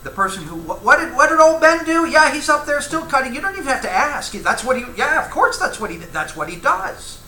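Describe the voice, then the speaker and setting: A man's voice: very high-pitched, sing-song, brisk, few pauses, bright, forceful tone. A man teaching a church Bible class, talking with the class, asking questions and reading scripture aloud. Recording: echoey room, faint ambience.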